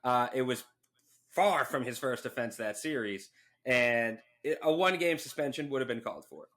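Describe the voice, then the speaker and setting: Podcast co-host, young man, bright tense voice, profane and animated. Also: mid-range voice, moderate pace. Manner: profane, animated, laughs a lot. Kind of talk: casual chat.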